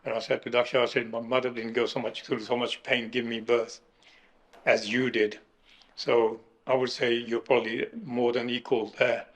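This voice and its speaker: A middle-aged man recounting his kidney transplant in an emotional interview, halting and restarting as he speaks. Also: mid-range voice, level tone, fairly bright tone. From United Kingdom. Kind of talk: emotional personal account.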